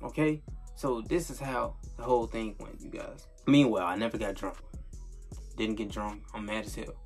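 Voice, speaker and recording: A man's voice: fairly low pitch, fairly even intonation, moderate pace, darkish tone, faint music behind. A young man telling a casual storytime vlog, rambling and swearing, with lots of filler tags. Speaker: storyteller vlogger.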